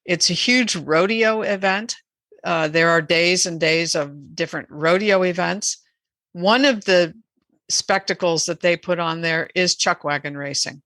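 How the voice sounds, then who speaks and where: A woman guest on a podcast interview, explaining in a measured, earnest way. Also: fairly low pitch, fairly bright tone, no room sound. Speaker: animal rights advocate guest.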